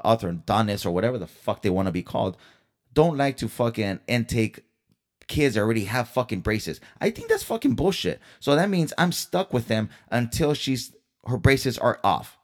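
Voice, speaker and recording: A man's voice: medium pitch, darkish tone. A man hosting his own podcast, venting in a heated, profanity-laden rant and throwing rhetorical questions at his listeners. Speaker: podcast host. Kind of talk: solo podcast storytelling rant.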